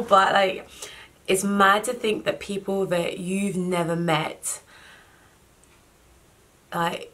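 A young woman, chatting casually through a gift unboxing vlog, warm and thankful. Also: on the low side, fairly even intonation, takes it slowly, long pauses. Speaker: vlogger.

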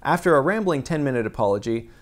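A man delivering a deadpan mock news report as the anchor of a comedy sketch. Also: medium pitch, fast talker.

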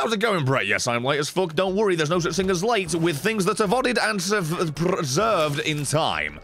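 A British man streaming a game live, swearing freely, excitable, and effusively thanking his viewers. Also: on the high side, fairly quick, few pauses. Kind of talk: live gaming stream commentary.

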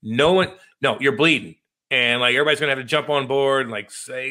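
Fast-talking, bright-voiced profane male podcaster. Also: mid-range voice. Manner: rapid, profane, joking storyteller. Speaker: podcast co-host. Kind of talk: casual podcast banter.

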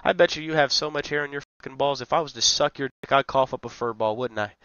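A man's voice: medium pitch, fast, a bit bright, clean tone, no room sound, muffled recording. A man trolling strangers on a video chat call, talking in a mocking, crude and abrasive way. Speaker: prank caller on a video chat app.

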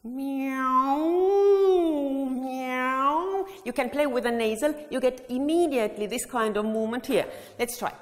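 A woman with a slightly high, somewhat mellow voice runs a choir workshop in a big hall with long reverb, speaking briskly with hardly any pauses. As a choir education presenter, she leads the audience through vocal exercises, often singing phrases to show them.

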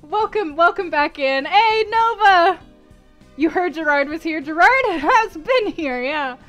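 A woman with a very high, light voice hosts a casual livestream, giggling and effusive as she thanks her viewers. She talks at an unhurried pace, working through long lists of names. Soft music plays faintly behind her. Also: animated.

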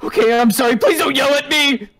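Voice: medium pitch, animated, moderate pace, lightly acted. A streamer voicing a young, anxious male angel who rigs a ship, stammering and easily frightened. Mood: panicked. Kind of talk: Minecraft roleplay character voice.

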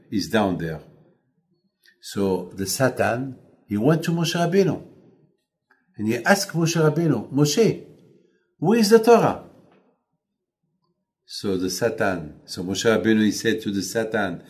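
A man acting as rabbi, giving a storytelling sermon with rhetorical questions in non-native English. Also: on the low side.

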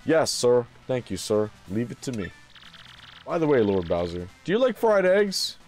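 A man's voice: medium pitch, sing-song, moderate pace, a little mellow, soft background music, natural voice. A man voicing an old female turtle witch who serves her king, fawning and overly polite. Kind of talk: voicing game dialogue during a playthrough.

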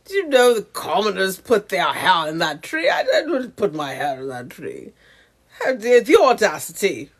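A woman voicing a snobbish, haughty female avatar who talks with posh, drawn-out airs. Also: medium pitch, sing-song, breathy edge.

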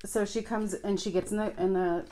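A woman's voice: mid-range voice, a little fast, slight background noise. A young adult woman telling a storytime vlog while eating, laughing often and acting out the voices in her story. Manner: lively, laughing, acts out quoted voices. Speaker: vlogger.

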